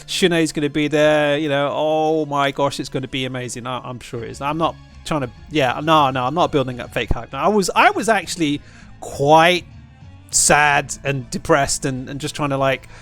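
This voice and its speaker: A man hosting a gaming channel, rambling in casual commentary and repeating himself, his voice jumping high whenever he gets hyped. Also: moderate pace, a bit bright, soft background music.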